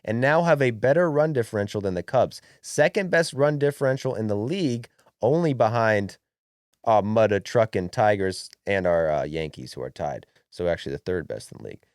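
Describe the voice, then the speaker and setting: A young man riffs on sports with brash, swearing hype on a podcast. His voice sits low. The sound is dry and close. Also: expressive, brisk, a little mellow, no room sound. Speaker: podcast co-host. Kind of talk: casual sports chat.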